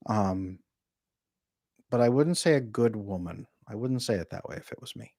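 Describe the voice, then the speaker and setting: A relationship coach answers viewer comments during a live Q&A from a room at home, a bookshelf behind him, chatting casually, joking, and laughing easily. His voice is fairly low and dark-toned, with an animated delivery. The sound is clean and studio-like, with no room sound.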